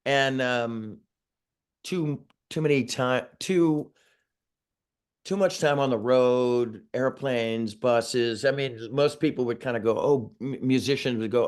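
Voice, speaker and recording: A man's voice: medium pitch, takes it slowly, smooth. A man in his sixties, a singer being interviewed over a video call, talking casually in a rambling way with many restarts and chuckles. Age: 60s.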